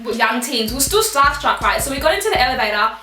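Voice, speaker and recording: Lively high-voiced young woman. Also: quick pace. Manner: lively, chimes in and echoes her sister. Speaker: vlogger. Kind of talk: casual storytelling with her twin. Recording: echoey room, mic at a distance. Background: music under the talk.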